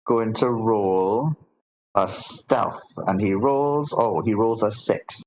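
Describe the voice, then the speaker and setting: A man's voice: on the low side, takes it slowly, a little mellow, a little hiss or hum, low-quality recording. A man running a tabletop game as dungeon master, narrating casually with lots of ums and restarts.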